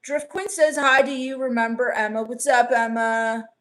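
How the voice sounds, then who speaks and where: A woman playing a sullen, scornful goth teen vampire on a comedy live stream, reading chat with deadpan, sarcastic put-downs. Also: fairly high pitch, moderate pace, natural voice.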